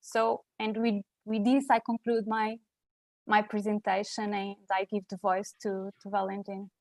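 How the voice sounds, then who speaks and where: A woman's voice: medium pitch, flat delivery, unhurried, dry recording. A woman with a Portuguese accent giving a technical presentation on a video call, hesitant with many fillers and restarts. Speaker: presenter at a webinar.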